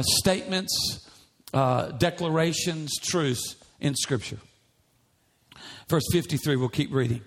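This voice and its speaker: A middle-aged pastor preaching a sermon, reading scripture aloud and building in fervor. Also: male voice, a little high.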